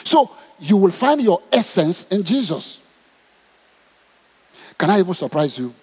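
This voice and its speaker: A man's voice: high voice, measured pace, breathy edge. A man with a Nigerian accent preaching a sermon, asking his congregation question after question. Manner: animated, asks the crowd questions. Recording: long hall reverb.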